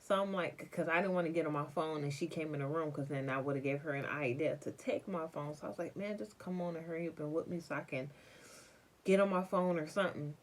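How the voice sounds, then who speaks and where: A young adult woman telling a personal story in a casual vlog, animated and full of slang. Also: low-pitched, fast talker. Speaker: vlogger.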